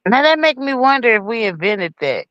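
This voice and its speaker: A woman's voice: on the high side, big pitch swings, a little fast, fairly bright tone, no room sound, lo-fi sound. A woman co-hosting a podcast in casual chat, teasing and playful.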